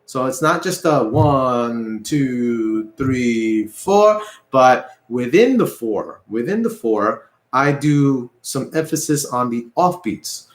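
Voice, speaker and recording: A man's voice: mid-range voice, expressive, a little slow, hardly any pauses. Male guitar teacher, mid-range voice, patient and repetitive, in an echoey room. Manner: patient, repeats himself, counts beats aloud. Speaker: music teacher. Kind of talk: online guitar lesson. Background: guitar playing.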